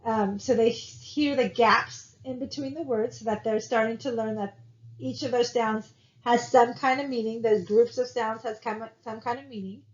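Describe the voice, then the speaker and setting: A woman's voice: on the high side, fairly even intonation, normal speed. Lady teacher talking thru her slides, lots of ums and "right?", sound kinda dull and muffled. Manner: conversational, many fillers and tag questions. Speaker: college lecturer. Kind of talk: recorded slide lecture. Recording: dull lo-fi recording.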